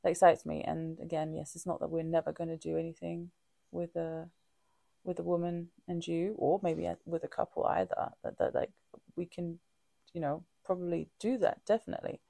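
A woman's voice: lowish voice, level tone, vocal fry, dark tone, no echo, studio quality. A woman co-hosting a podcast, talking candidly and reflectively in casual chat, often restarting her sentences. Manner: halting, frequent restarts and fillers; open and reflective. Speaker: podcast co-host.

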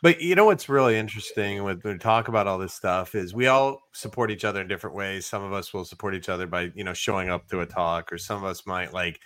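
A man's voice: deep voice, fast talker, hardly any pauses, fairly bright tone, dry recording. A man co-hosting a podcast in casual chat, teasing the others with wry jokes. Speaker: podcast co-host.

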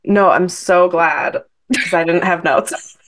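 Co-host, woman, slightly low voice, under the weather, lively opinionated chatter. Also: slow. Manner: animated, laughing, opinionated. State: sick, congested. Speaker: podcast co-host. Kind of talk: casual chat.

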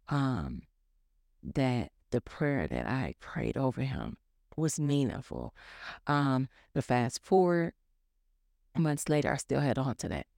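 Gravelly-voiced woman telling a personal testimony. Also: extremely low pitch, a little mellow, no echo, studio quality. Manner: candid, conversational, frequent fillers. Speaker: church member sharing a testimony. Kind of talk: personal testimony, casual storytelling.

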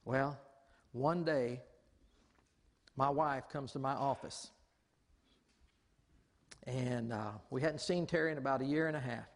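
A man preaching a lively storytelling sermon in a large church hall, exclaiming often and acting out the people he quotes. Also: medium pitch, a little slow, pauses often. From Southern United States. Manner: animated, exclaims often, acts out quoted voices. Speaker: pastor. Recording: long hall reverb.

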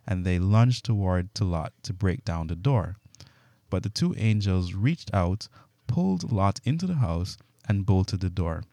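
A man reading scripture aloud in a steady, measured way. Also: sits low, no room sound. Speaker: Bible reader.

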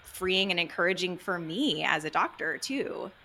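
A woman psychiatrist answering interview questions earnestly and excitedly, with many "you know"s and restarts. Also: on the low side, moderate pace, a little hiss or hum. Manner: excited, earnest, talks freely with many fillers. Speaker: psychiatrist guest.

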